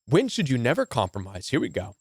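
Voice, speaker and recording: A man's voice: medium pitch, wildly swooping pitch, brisk, dry recording. A man speaking as a relationship coach in emphatic commentary to camera, often asking rhetorical questions. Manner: emphatic, repetitive, asks rhetorical "right?".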